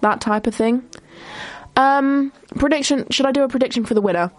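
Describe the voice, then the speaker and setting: A young woman hosting a casual solo podcast, chatty and rambling with quick asides and frequent self-interruptions. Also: high-pitched, no echo. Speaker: podcast host.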